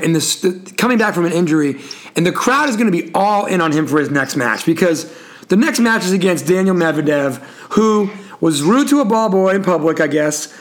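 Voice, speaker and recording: Wry storytelling male sports host. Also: high voice. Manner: storytelling, wry, full of wrestling references. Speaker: podcast host. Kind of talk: casual sports chat.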